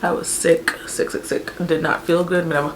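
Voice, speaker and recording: A young woman telling a personal story in a casual, animated, chatty way, with many fillers. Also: on the low side, fairly quick, a little hiss or hum. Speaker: vlogger telling her birth story.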